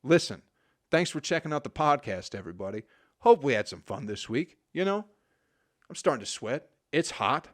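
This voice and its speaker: A man's voice: medium pitch, big pitch swings, normal speed, dry recording, studio quality. A man in his forties from Michigan, hosting a solo podcast in a crude, profane, rambling monologue that trails off into mumbles. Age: 40s. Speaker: podcast host.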